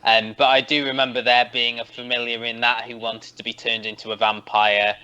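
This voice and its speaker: Bright-voiced man, muffled mic. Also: medium pitch, little pitch movement, fairly quick, clean tone. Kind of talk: casual review chat.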